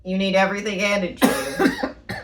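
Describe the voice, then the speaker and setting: Speaking at normal speed in a medium pitch, with a roomy sound, a woman co-hosts a laid-back comedy podcast. She rants animatedly, swears a lot, and often bursts out laughing.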